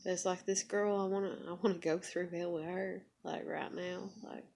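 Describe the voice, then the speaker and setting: A woman's voice: lowish voice, steady tone, moderate pace, vocal fry, darkish tone. A young woman telling a personal story in a rambling, candid vlog, swearing freely and full of fillers. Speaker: vlogger. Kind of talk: confessional vlog monologue.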